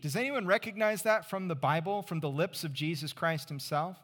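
A man preaching a sermon as pastor, conversational, asking the congregation rhetorical questions and dropping to a hush for emphasis. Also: fairly high pitch, moderate pace. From California Central Valley.

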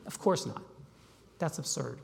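A pastor preaching a sermon, asking rhetorical questions and slowing down on key phrases. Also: mid-range voice, vocal fry, darkish tone. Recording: long reverb of a large hall.

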